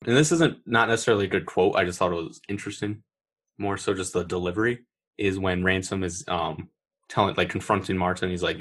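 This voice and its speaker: A man with a fairly low voice talks through favourite film moments in a loose podcast chat. He leans on fillers and jumps up in pitch whenever he quotes a line. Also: brisk. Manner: relaxed, filler-heavy, quotes lines in a lifted voice.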